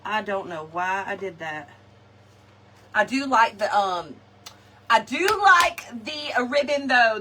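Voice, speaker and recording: A woman hosting a live craft session speaks to viewers in an expressive, medium-pitched voice at a measured pace, laughing frequently. The background is noisy, captured by a distant mic with faint ambience.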